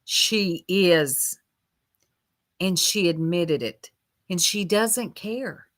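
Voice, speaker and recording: A woman's voice: fairly low pitch, very slow, a bit bright. A woman giving sarcastic reaction commentary on a clip, mocking it with asides to her viewers. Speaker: commentary streamer.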